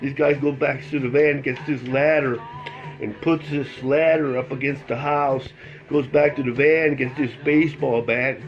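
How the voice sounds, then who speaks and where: A man's voice: mid-range voice, steady tone, moderate pace. Rambling man telling a joke, lo-fi. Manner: rambling, acts out voices, laughs at own jokes. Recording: dull lo-fi recording with music. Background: music.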